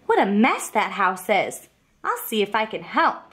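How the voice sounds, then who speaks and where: A woman's voice: medium pitch, sing-song, measured pace, fairly bright tone. A woman doing a kind, fretting storybook wolf. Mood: kindly. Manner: kind, concerned, polite. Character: friendly, gentle male wolf builder.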